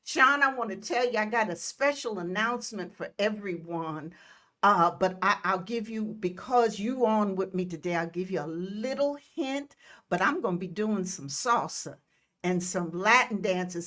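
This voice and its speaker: Slow, effusive older woman host. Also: mid-range voice, lively intonation, sharp tone. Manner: effusive, greets viewers by name and blows kisses. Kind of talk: live-stream chat with viewers. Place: Detroit.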